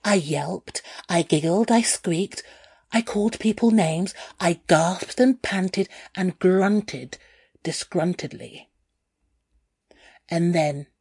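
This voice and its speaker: A woman reading her own first-person memoir aloud in a candid, unhurried storytelling manner. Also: lowish voice, darkish tone, breathy edge, dry recording. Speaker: narrator.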